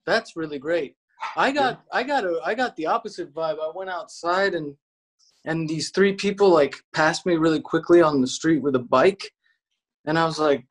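A man in casual chat on a video call, telling an animated story and acting out the voices of the people in it. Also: a little high, moderate pace, rough recording. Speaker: band member on a video call.

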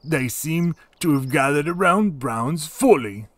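A man voicing a gruff rustic village man who gives quests, in an exaggerated rough put-on accent. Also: high-pitched, wildly swooping pitch, slow pace, fairly bright tone, no room sound, voice pushed up, heavily acted.

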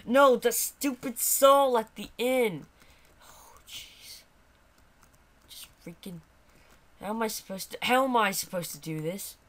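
A man's voice: high-pitched, moderate pace, a bit bright. A man doing let's play commentary, frustrated and exclaiming as he keeps failing a level. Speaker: gamer.

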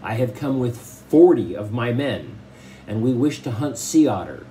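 A man's voice: mid-range voice, big pitch swings, unhurried, dark tone, a little hiss or hum, low-quality recording. A man reading aloud the lines of a blunt male sea captain who bargains in a terse, demanding way.

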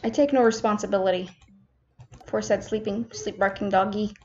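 Her voice medium-pitched, steady and a little mellow at a moderate pace, a young woman chats through a let's-play of a management game. She mocks herself lightly and talks to herself while building, captured in a slightly dull lo-fi home recording.

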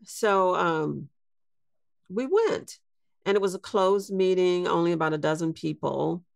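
A woman in her sixties, a podcast guest telling a personal story in a slow, reflective way. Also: fairly low pitch, vocal fry, dry recording, studio quality. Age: 60s. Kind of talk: storytelling interview.

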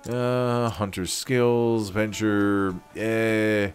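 A man's voice: on the low side, little pitch movement, drawn-out words, smooth, soft background music. A man giving casual, joking, sweary commentary on a video game he is playing. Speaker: let's play gamer.

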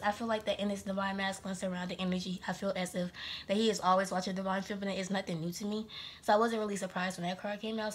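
A woman's voice: mid-range voice, a little hiss or hum. Casual female tarot reader, chatty and rambling, a little breathless. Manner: chatty and rambling, laughs often. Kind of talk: casual tarot reading monologue.

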